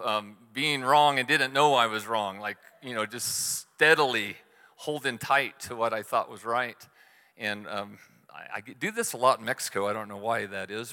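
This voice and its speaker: A middle-aged man delivers a sermon in a relaxed, conversational storytelling way, poking fun at his own mistakes. His voice is bright and forceful. The recording carries the long reverb of a large hall. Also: medium pitch. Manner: conversational storytelling with self-deprecating humor. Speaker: church speaker.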